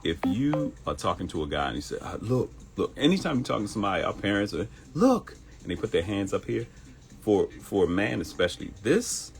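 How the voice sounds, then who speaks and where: A man's voice: on the low side, animated, fast talker, gravelly. A man hosting a live morning show, giving a conversational motivational talk that mixes preaching with comedy and acts out quoted voices. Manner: preachy and conversational, addresses listeners as y'all. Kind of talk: motivational live-stream monologue. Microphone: streaming live.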